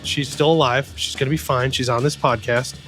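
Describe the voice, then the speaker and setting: A man's voice: medium pitch, steady tone, fairly quick, a bit bright, faint music behind. A man hosting a podcast in a casual, joking and openly sentimental way. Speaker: podcast host.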